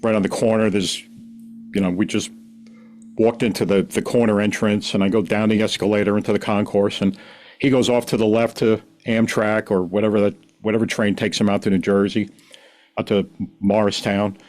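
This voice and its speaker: A middle-aged man, a podcast guest, telling a long personal story in an animated, rambling way full of restarts. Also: fairly low pitch, fairly quick. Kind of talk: casual storytelling.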